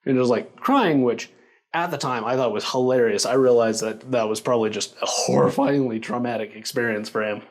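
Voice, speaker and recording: A man casually telling a personal story, animated and full of fillers, laughing along as he goes. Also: medium pitch, a little fast. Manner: animated, acts out quoted lines, filler-heavy.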